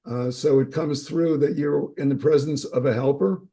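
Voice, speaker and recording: Guy with a warm mellow voice, slightly high, calmly explaining stuff on a video call. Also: moderate pace. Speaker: autism services expert. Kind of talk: webinar discussion.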